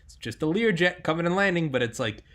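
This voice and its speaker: A man's voice: fairly high pitch, expressive, fast talker, a bit bright. A young man hosting a podcast, chatting casually and animatedly, swearing and laughing as he tells stories. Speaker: podcast host.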